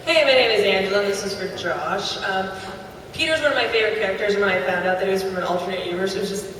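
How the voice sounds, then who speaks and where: Female audience member, quick and gushing; far mic in a reverberant hall. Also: mid-range voice, fairly bright tone, a little hiss or hum. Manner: eager, gushing. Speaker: fan asking a question. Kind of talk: audience question at a panel. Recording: echoey hall, distant mic.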